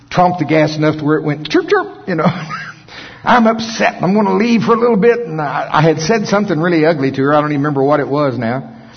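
A middle-aged male pastor preaching a sermon, folksy and storytelling, with chuckles and hushed dramatic pauses. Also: a little high, vocal fry, husky. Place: large auditorium. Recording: dull, long-reverb hall sound.

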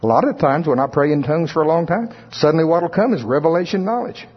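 Husky-voiced preacher with a dull, lo-fi sound. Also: male voice, a little high, fast talker. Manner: conversational, playfully acts out congregants' voices. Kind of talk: sermon.

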